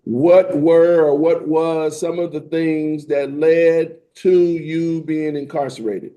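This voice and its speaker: A man on a parole board asking questions in a measured, polite way. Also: a little high, flat delivery, warm tone. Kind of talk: hearing questions.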